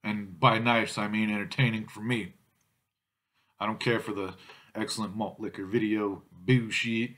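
Speaking in a somewhat low register with a fairly bright tone, a man drinks malt liquor on camera and angrily berates his audience. It's a profane ranting vlog, packed with swearing and insults.

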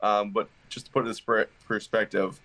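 Give me a low-voiced man chatting casually on a podcast, stumbling and restarting his sentences. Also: level tone, sharp tone, low-quality recording. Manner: halting, frequent restarts and fillers. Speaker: pro staff hunter guest.

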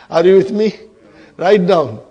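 A man's voice: sits high, animated, takes it slowly, warm tone, husky, dull audio. A man teaching an Arabic grammar lesson to a class, often checking in with "huh?" and "are you with me?".

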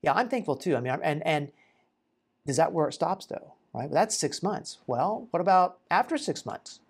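A chiropractor talking through a patient's case in an informal, conversational way, asking rhetorical questions and pausing on fillers. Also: male voice, fairly high pitch, sing-song, breathy edge. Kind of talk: informal educational talk to camera.

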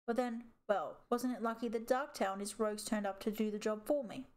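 A woman's voice: steady tone, brisk, a little mellow, lightly acted. A woman voicing a huge scarred male tabby cat who leads rogues, speaking in a smug, mockingly polite purr. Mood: menacing. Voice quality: low raspy purr.

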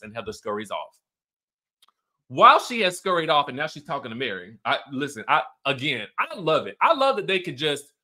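A man's voice: on the high side, sing-song, moderate pace, pushed and bright. A man hosting casual reality TV recap commentary, chatty and emphatic. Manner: chatty, emphatic, keeps asking "okay?".

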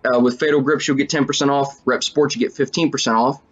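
A man giving casual commentary over a video game, excitable and swearing often as he talks to his viewers. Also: medium pitch, quick pace, husky, highs cut off. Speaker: let's play gamer.

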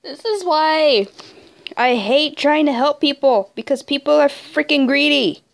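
A young woman commenting on her own online game play, muttering in frustration and breaking into high squealing shouts. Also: measured pace, vocal fry. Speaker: gamer playing an online wolf game. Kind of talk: casual gameplay commentary.

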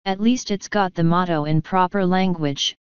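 A woman's voice: fairly low pitch, moderate pace, clear, resonant tone, no echo, dull audio, lightly acted. A woman reader voicing a chatty, dim middle-aged male sergeant who rambles on explaining things.

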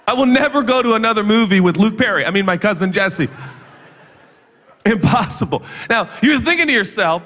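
A man preaching a sermon as a guest pastor, telling stories in an animated way with jokes and quick asides. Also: high-pitched. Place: large church auditorium. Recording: long reverb of a big church hall.

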